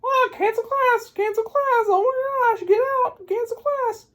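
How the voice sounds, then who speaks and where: A man's voice: very high-pitched, measured pace, a bit bright, pitched above the performer's own voice. A man voicing a frantic, panicking schoolteacher in a comic story. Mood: panicked. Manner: shrieking, flustered.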